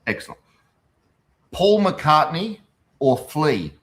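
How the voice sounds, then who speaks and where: A man with an Australian accent hosting a casual interview, firing off quick questions in a matey way. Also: on the high side, big pitch swings, a bit bright. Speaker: host.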